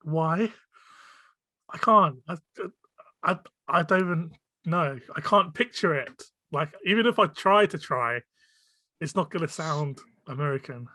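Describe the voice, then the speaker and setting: A man with a British accent hosting a podcast, chatting quickly, laughing often and repeating words when excited. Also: fairly high pitch, no room sound. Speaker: podcast host. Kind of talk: casual chat.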